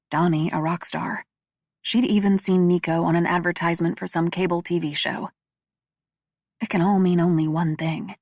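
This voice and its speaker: Female audiobook narrator: low, gravelly, steady reading, dry close-miked sound. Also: dry recording.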